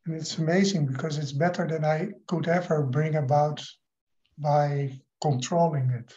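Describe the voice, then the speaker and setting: A man's voice: fairly high pitch, fairly even intonation, moderate pace, mellow, muffled recording. A man on a video call, speaking hesitantly and repeating words as he describes an inner experience. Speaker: participant. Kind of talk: casual spiritual conversation over video call.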